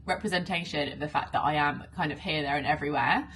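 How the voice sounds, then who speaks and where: Bright-voiced, gushing woman vlogger. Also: sits low, fast talker, hardly any pauses, slight background noise, low-quality recording. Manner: gushing, emotional, rambling with many fillers. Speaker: vlogger and podcast host. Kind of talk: casual vlog chat to camera.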